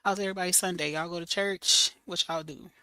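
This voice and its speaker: A woman hosting a casual livestream who is hoarse and losing her voice. She greets her viewers by name and talks to them in a loose, familiar way. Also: fairly low pitch, steady tone, fast, bright, forceful tone, no echo, poor audio. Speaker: livestream host.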